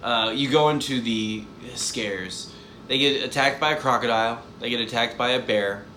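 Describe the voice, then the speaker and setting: A man's voice: mid-range voice, normal speed, sharp tone, roomy sound, a little hiss or hum. Sarcastic man ranting in a review. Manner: exasperated, sarcastic, rambling with restarts. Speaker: movie reviewer. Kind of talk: casual spoken film review.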